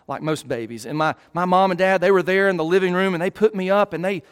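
Man, 30s, pastor, earnest sermon, emphatic, high pitch, long reverb. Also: clear, resonant tone. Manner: earnest preaching with emphatic slowed words and repeated restarts.

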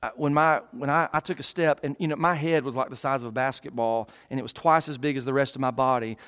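A man in his thirties preaching a sermon, earnest and emphatic, slowing on key words and often restarting phrases. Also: mid-range voice, fairly even intonation, a bit bright, clear, resonant tone, big-room sound. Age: 30s. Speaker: pastor.

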